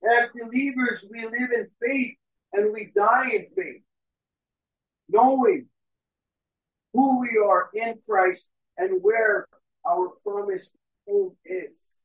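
Young guy preaching a sermon, high voice, husky, swings loud to hushed. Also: slow pace, pauses often, poor audio. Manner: storytelling, acts out crowd voices, swings between loud and hushed. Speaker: pastor.

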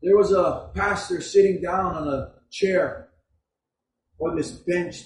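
A man preaching a sermon, telling a story in a slow, deliberate way, recorded from a distance in a room. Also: sits high, a little mellow, slight background noise. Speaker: pastor. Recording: echoey room from far off.

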